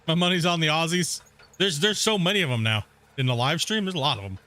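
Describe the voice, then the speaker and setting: A man's voice: on the high side, animated, fast, pushed and bright. A man streaming a game, chatting casually with his viewers and laughing often. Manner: chatty, talks straight to viewers in chat, frequent laughter. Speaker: gaming streamer. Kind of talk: casual livestream chat.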